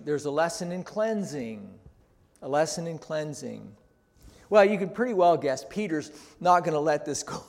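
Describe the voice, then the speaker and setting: A male pastor preaching a sermon, deliberate and emphatic, often posing questions to his listeners. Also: fairly high pitch. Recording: long reverb in a large hall.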